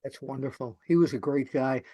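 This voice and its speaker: A man's voice: medium pitch, fairly quick, warm tone, slightly rough, no echo. A man hosting a wrestling interview, reacting with enthusiasm and asking short questions. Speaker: interview host. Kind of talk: casual interview chat.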